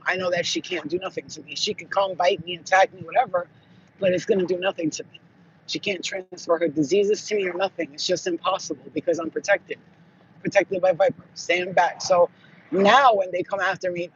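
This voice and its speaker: A man telling spiritual stories in casual monologue, profane and animated, acting out what people said. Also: sits high, muffled recording, a little hiss or hum. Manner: profane, animated, acts out quotes. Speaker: spiritual channel host.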